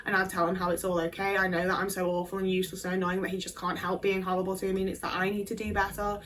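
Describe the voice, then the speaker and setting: A woman's voice: mid-range voice, flat delivery, racing, a bit bright, distant mic, a little hiss or hum. A woman telling a candid personal story, blunt and sweary. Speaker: video creator.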